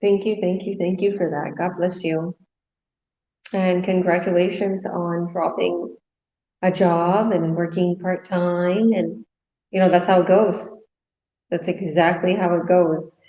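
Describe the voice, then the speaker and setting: A woman's voice: fairly low pitch, flat delivery, measured pace, reverberant, dull audio. A woman business coach hosting a webinar, heaping on praise and repeating her thanks. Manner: warm praise, laughs, repeats herself.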